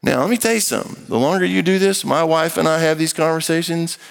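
This pastor's voice sits on the high side, with a quick pace and a creaky texture, and the sound carries the feel of a big room. He delivers a sermon and reads scripture, addressing his congregation in an emphatic, conversational manner and acting out playful asides.

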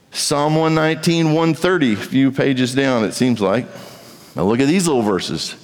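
In a large church sanctuary, a male pastor with a mid-range voice preaches at a moderate pace. His delivery is emphatic, and he acts out the voices of imagined speakers, all captured in a reverberant hall.

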